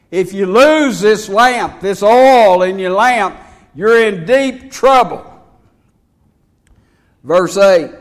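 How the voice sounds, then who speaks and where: A man's voice: high voice, a bit bright. A man preaching a folksy, emphatic sermon, reading scripture aloud between his points.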